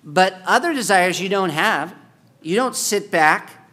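Male pastor, higher-pitched voice, sermon delivery that alternates between forceful urging and hushed storytelling. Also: lively intonation, measured pace. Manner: emphatic, swings between loud exhortation and quiet storytelling.

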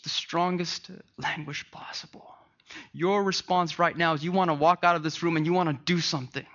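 Animated high-voiced male pastor preaching. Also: moderate pace, muffled recording. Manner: swings from hushed to loud and animated. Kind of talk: sermon.

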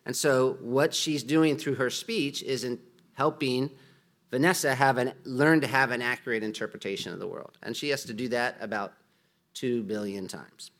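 A man's voice: mid-range voice, normal speed, fairly bright tone. A middle-aged man teaching as a pastor, talking through his points in a conversational way and acting out quoted speech. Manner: conversational, with frequent restarts and acted-out quotes. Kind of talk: sermon-style teaching.

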